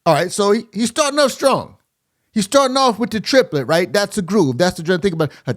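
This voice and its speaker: A man's voice: high-pitched, expressive, a little fast. A man hosting a music reaction video, chatting casually as he breaks down rap lyrics and scats rhythms to explain them. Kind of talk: casual rap critique commentary.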